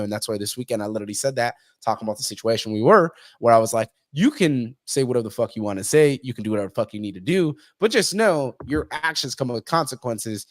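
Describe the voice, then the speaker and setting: Here a man appears as a podcast guest in relaxed conversation, cursing freely, speaking plainly, and performing the voices of those he quotes. The pitch is medium, and the recording is dry and studio-clean.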